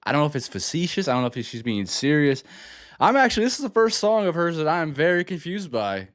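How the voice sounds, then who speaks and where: A man's voice: on the high side, sing-song, fast talker, no echo. Man musing aloud, dry close sound. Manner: thinking aloud, hesitant, lots of fillers and restarts. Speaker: music reaction channel host. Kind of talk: casual first-listen album reaction.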